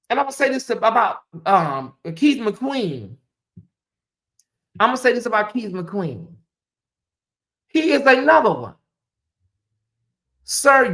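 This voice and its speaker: A woman hosting a livestream commentary show, talking bluntly and preachily to her viewers and swearing freely. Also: on the low side. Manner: addresses viewers directly. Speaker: commentary channel host.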